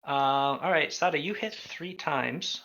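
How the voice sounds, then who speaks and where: A man running a tabletop game as game master, narrating in an unhurried, halting way with fillers. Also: fairly high pitch, sharp tone, dull audio.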